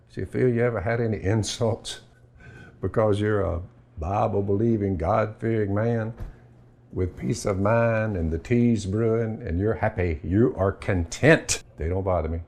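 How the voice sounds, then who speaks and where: A man's voice: fairly low pitch, measured pace, creaky, a little mellow. An older man with a Southern US accent giving a folksy sermon, drawling and acting out both sides of an imagined talk. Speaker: preacher.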